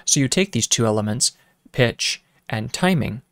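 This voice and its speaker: A man's voice: mid-range voice, animated, moderate pace, a bit bright, no echo, clean studio sound. A man giving a casual music lesson, thinking aloud with fillers and restarts and sometimes humming rhythms. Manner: hums and counts rhythms aloud. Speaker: music teacher. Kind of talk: casual lecture with keyboard demos. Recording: piano playing in the background.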